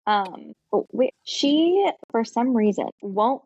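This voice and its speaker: A woman co-hosting a podcast, telling a long casual story full of "like" and "um" and quick laughs. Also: fairly high pitch, lively intonation, darkish tone, breathy edge, no echo, dull audio. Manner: chatty storytelling with frequent fillers and laughs. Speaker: podcast co-host. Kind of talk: casual chat.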